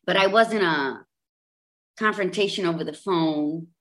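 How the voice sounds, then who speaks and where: She's a woman in her fifties from Bridgeport, Connecticut, with a low-pitched voice, talking openly and unhurriedly as an interview guest. Emphatic and animated, she repeats phrases again and again to press her points.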